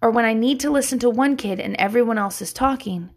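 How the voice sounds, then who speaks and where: A woman's voice: fairly high pitch, quick pace. A woman in her thirties, a mother of young kids, talking candidly and bluntly, swearing freely and laughing often. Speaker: mother sharing parenting reflections. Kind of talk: casual candid monologue.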